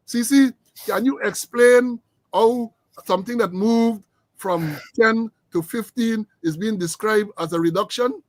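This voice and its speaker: A man's voice: high voice, measured pace, no room sound. A middle-aged Guyanese man hosting a political commentary show, talking with sarcasm and mockery. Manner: sarcastic, mocking. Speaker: host.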